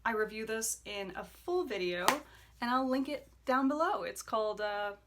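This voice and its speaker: A young adult woman chatting casually as a beauty vlogger, enthusiastic, with soft whispered asides. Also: fairly high pitch, lively intonation, moderate pace, noisy background. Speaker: beauty YouTuber. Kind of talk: casual decluttering vlog.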